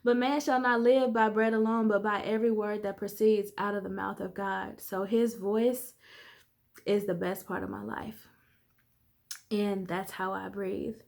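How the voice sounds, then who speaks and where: A woman's voice: mid-range voice, little pitch movement, unhurried, vocal fry, a little mellow. A woman life coach in her thirties, talking candidly and conversationally to viewers in a motivational vlog. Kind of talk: casual motivational vlog talk.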